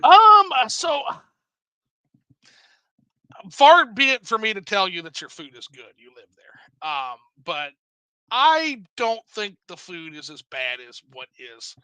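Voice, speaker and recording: A male host with a high, very lively voice and a sharp, bright tone. He jokes and swears freely in casual chat. The sound is dry and close. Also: slow pace, smooth, no echo, poor audio. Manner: animated, jokey, swears freely. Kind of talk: casual live-stream chat.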